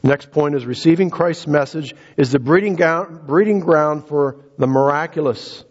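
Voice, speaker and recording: A man preaching a sermon as pastor, earnest, repeating words and rising in pitch for emphasis. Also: normal speed, breathy edge, lo-fi sound.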